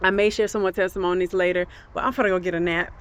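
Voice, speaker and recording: A woman's voice: lowish voice, steady tone, fast. A young woman telling a personal faith testimony in a casual, chatty way, speaking straight to her viewers and laughing often. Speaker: vlogger sharing faith testimonies.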